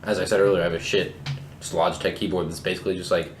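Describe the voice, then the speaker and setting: A man's voice: low voice, flat delivery. A young man co-hosting a podcast in casual chat, eager and swearing freely as he explains something. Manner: enthusiastic, swears, quick asides. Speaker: podcast co-host. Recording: echoey room, faint background noise.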